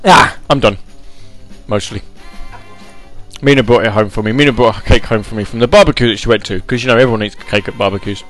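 A man's voice: lowish voice, fast, fairly bright tone, faint music behind. Rambling, jokey young man chatting casually. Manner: rambling, jokey, puts on silly voices. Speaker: podcast host. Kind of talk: casual chat.

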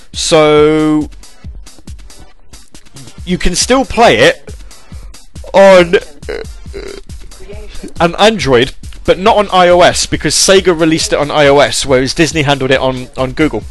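Guy rambling on his podcast, kinda high voice, faint music under it. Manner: rambling, self-deprecating, lots of fillers and restarts. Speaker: podcast host. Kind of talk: casual solo podcast chat.

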